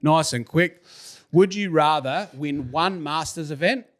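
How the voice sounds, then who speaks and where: An Australian man hosts a relaxed podcast interview. He jokes and laughs often as he runs through quick-fire questions in a casual, chatty way. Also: on the high side. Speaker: podcast host.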